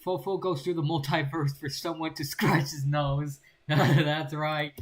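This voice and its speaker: A man's voice: a little high, flat delivery, a little slow. A young man in casual gameplay commentary, playful and rambling as he jokes about the characters on screen. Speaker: gaming channel host.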